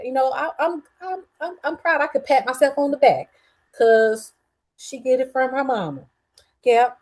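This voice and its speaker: A middle-aged woman hosting a show, telling a story in a casual, blunt and profane way with lively swings in her voice. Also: high voice, rough recording. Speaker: podcast host.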